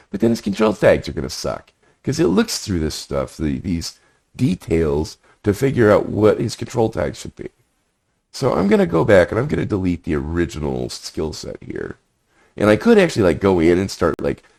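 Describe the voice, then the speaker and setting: This man, a prompt engineering instructor, has a low voice with vocal fry and a darkish tone. During a screen demo, he reads out generated text, muttering his thoughts between the passages.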